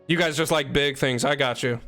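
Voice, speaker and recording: A man's voice: mid-range voice, a little fast, bright, forceful tone, faint music behind. A young man streaming a game, chatting casually with his viewers, joking and teasing between explanations, on a desk microphone. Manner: joking, teasing chat, rambling asides. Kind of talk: casual live-stream chat.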